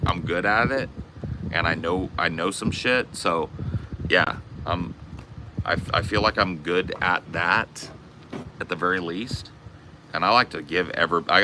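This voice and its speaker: A man's voice: sits low, noisy background. A man from the US West Coast ranting on his livestream, brash, profane and trash-talking. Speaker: streamer. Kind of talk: casual livestream rant.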